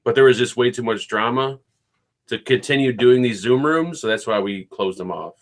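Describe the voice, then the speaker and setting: A man's voice: mid-range voice, normal speed. A man co-hosting a live vaping show, explaining gear and community news in an easygoing, matter-of-fact way. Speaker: co-host who reviews vape gear. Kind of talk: casual live-stream chat.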